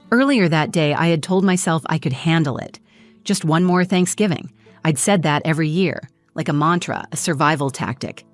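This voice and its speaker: A middle-aged woman narrating a first-person story in a measured, subdued manner. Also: deep voice.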